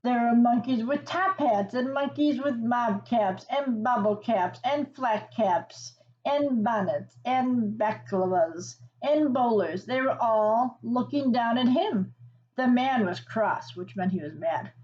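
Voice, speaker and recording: A woman reading a picture book aloud to children, pausing to ask them questions and explain words. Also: a little high, highs cut off. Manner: gentle teacherly asides and questions to the listener. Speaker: children's story reader.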